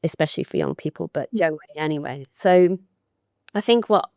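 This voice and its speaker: A woman's voice: sits low, a little fast, a little mellow, no room sound, studio quality. A woman guest on a podcast, explaining her work in an earnest, reflective way. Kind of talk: conversational interview.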